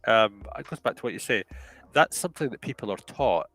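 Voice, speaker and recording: A man's voice: fairly low pitch, animated, a little fast, a bit bright, dry recording. A man talking as a guest on a casual chat show, joking, rambling and mocking himself. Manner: jokey, rambling and self-mocking.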